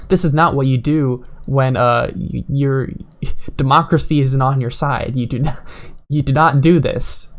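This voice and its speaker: A woman's voice: rumbling low, fairly even intonation, unhurried. A woman giving casual political commentary in a blunt, profane, exasperated way, often stopping on fillers.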